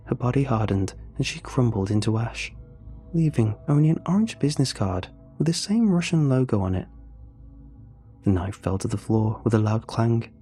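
Dark, husky male horror narrator. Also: mid-range voice. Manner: measured, first-person storytelling. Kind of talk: scripted horror story narration.

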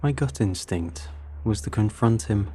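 A man narrating a first-person sci-fi story in a measured, tense manner. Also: lowish voice, lively intonation, warm tone, slightly rough, soft background music.

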